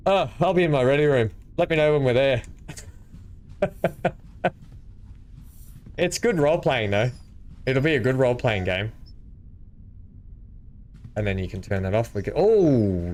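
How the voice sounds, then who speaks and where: A man streaming a multiplayer game from home, excitable and chuckling as he plays and chats. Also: mid-range voice, moderate pace, long pauses. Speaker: gaming streamer. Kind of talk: casual multiplayer gameplay chat. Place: home room.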